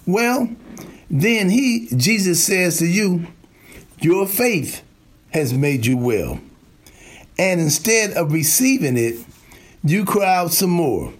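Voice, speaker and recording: Preacher, male, unhurried and emphatic, slightly higher voice. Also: animated. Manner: slow, emphatic preaching with repeated lines. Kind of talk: sermon.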